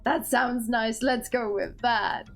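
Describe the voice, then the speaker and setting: A woman's voice: a little high, fairly even intonation, takes it slowly, soft background music. A woman voicing a friendly, easygoing muscular male adventurer in a video game who hesitates as he orders.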